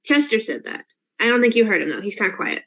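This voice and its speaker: A woman with a fairly high voice plays a student in an online tabletop game. She speaks hesitantly, with many likes and ums, and turns statements into questions. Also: very animated, quick pace, bright, forceful tone, husky. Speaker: player. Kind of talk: tabletop role-play over a video call.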